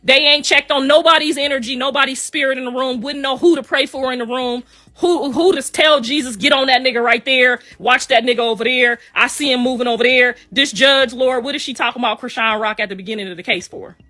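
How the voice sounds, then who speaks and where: A woman's voice: high-pitched, a little fast, sharp tone, dry recording, faint music behind. A middle-aged mother ranting on a livestream in a casual, emphatic way, repeating her phrases. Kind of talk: casual rant.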